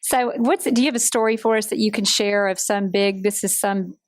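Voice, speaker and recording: A woman interviewer speaks with a middle-pitched voice. She asks her questions in an encouraging, affirming way. The sound is dry and close. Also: fairly even intonation, a little fast, no room sound. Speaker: host. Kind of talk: casual interview talk.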